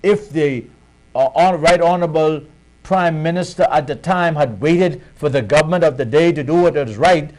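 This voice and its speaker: A man's voice: on the high side, moderate pace, a little mellow, rough recording. A man with a Bahamian accent, a guest on a talk show, making his points in an earnest, emphatic way with some restarts.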